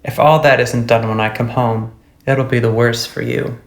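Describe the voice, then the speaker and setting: A gruff, threatening old witch , as a man puts her on for a storybook reading. Her voice is low, gravelly and growling, kept hushed as if to menace. It sounds like it was recorded in an echoey room. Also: flat delivery, moderate pace, natural voice. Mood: commanding.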